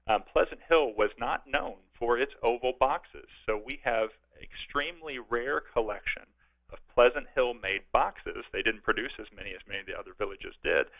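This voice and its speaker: A man's voice: medium pitch, moderate pace, vocal fry, no room sound. A man promoting upcoming events as a guest on a radio show, talking in an upbeat, friendly way. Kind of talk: casual radio interview. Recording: dull lo-fi radio sound.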